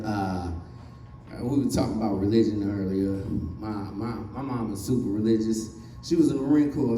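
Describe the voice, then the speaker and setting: A man's voice: mid-range voice, mellow, reverberant, distant mic. A man from Virginia with a Southern accent, doing a stand-up comedy set with a loose, rambling delivery full of fillers. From Virginia, USA. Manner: loose, rambling delivery with many fillers, acting out other people's voices.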